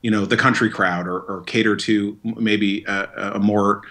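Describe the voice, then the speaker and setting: Easygoing low-voiced man, Vermont guest. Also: steady tone, normal speed, bright, forceful tone. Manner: easygoing, hesitant with fillers. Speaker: guest, wedding DJ. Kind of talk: casual interview chat.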